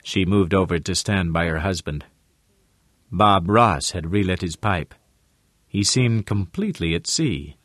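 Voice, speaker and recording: Man narrating with lively intonation. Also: low-pitched, a little slow, no echo, clean studio sound. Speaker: audiobook narrator. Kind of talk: scripted narration.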